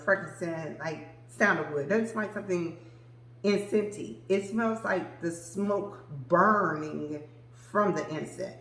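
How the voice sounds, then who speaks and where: Chatty woman in her forties, echoey room. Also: lowish voice. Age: 40s. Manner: chatty and gushing, calls viewers "girl" and "y'all". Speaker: vlogger reviewing fragrances. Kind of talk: casual chat to camera.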